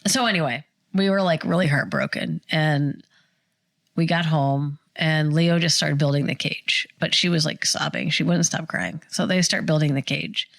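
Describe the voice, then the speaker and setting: A woman's voice: sits low, moderate pace, vocal fry. A middle-aged woman on a podcast, casually telling a family story and acting out the voices she quotes. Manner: animated retelling, acts out quoted voices. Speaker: podcast co-host.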